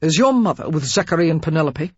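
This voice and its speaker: A woman's voice: low-pitched, expressive, fast talker, darkish tone, husky, no echo, lo-fi sound. A woman voicing a stern, short-tempered aristocratic lord who speaks in curt, clipped demands.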